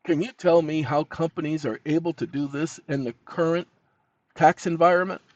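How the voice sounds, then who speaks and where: A man hosting his own channel, speaking to viewers in a folksy, animated way while dictating to a voice assistant and telling it to wake up. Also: a little high, moderate pace, no echo, dull audio. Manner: animated, scolding, commanding interjections; folksy, addresses audience as y'all. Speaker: channel host.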